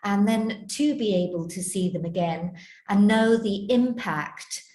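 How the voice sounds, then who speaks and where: A woman hosting an interview, speaking in a reflective, gently affirming way. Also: medium pitch, a little slow, roomy sound, rough recording. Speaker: interview host. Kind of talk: conversational interview.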